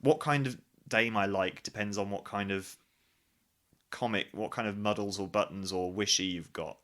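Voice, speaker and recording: A man's voice: lowish voice, normal speed, a bit bright. A man, a pantomime actor, chatting as a guest in an interview and thinking aloud with many restarts. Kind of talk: casual interview chat.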